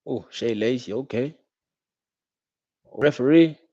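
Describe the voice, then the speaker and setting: A man's voice: medium pitch, slow pace, no echo. Slangy man reacting to football. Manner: casual, slangy, reacts loudly to referee calls. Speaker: football watch-along streamer. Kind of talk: live match reaction commentary. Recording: dull, dry home stream audio.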